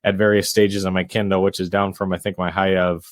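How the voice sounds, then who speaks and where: Low-voiced man speaking in a dry room. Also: flat delivery, no echo. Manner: measured, self-described introvert, frequent "you know" fillers. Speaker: real estate investor and realtor guest. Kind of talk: casual podcast interview. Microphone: podcast microphone.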